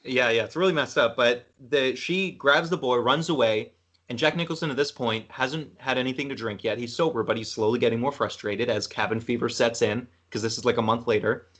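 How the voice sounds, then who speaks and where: A man's voice: medium pitch, a little fast, a bit bright. A man from Canada hosting a podcast, rambling through a film retelling in casual chat. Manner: rambling, retells film scenes with acted quotes. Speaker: podcast host.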